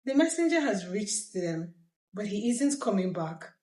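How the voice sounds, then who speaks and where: A woman's voice: medium pitch, very animated, a little slow, mellow. A woman voicing a watchful male lookout on a tower, reporting urgently in a scripture reading. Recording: roomy echo.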